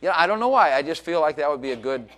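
A middle-aged man preaching a sermon, animated, acting out quoted voices and joking. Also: fairly high pitch, fast. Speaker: pastor.

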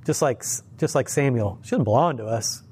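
A man's voice: mid-range voice, moderate pace, a little mellow, slight background noise. Brief: man preaching informally, chatty storyteller, chuckles often, restarts sentences, mid-range voice. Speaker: lay preacher. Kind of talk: informal sermon.

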